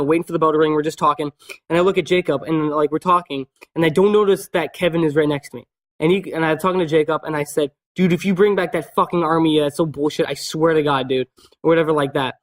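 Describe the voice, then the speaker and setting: A man telling a personal story in a casual vlog, rambling and swearing constantly. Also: fairly high pitch. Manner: many fillers and restarts. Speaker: vlogger.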